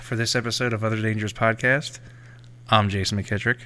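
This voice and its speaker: A man hosting a podcast, giving a quick casual sign-off. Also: lowish voice, level tone, bright, forceful tone. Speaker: podcast host.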